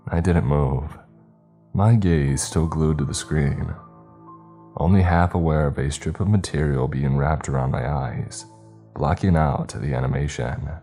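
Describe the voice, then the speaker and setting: A man reading a first-person horror story in a slow, measured, brooding way. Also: extremely low pitch, mellow.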